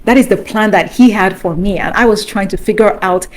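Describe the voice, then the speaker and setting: A middle-aged woman telling a personal faith story with excitement, acting out what people said and breaking into praise. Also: medium pitch, brisk. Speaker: guest sharing a testimony. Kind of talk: animated personal testimony.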